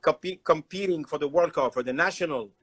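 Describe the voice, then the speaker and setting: Man, somewhat high voice, animated, repeats words, casual storytelling. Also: brisk, rough recording. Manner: animated, repeats words, broken English phrasing. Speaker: chocolatier guest. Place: Instagram Live stream.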